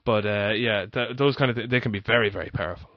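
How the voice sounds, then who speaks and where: A man's voice: lowish voice, no echo. A man in a casual podcast chat who talks a lot and asks questions. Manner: chatty, quick, asks questions. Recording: dull, dry sound.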